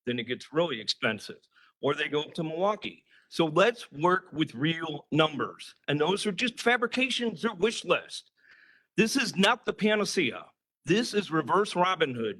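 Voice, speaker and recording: Bright-voiced man giving heated public comment. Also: high-pitched, poor audio. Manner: heated, emphatic. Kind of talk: public comment at a county board meeting. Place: county board chambers.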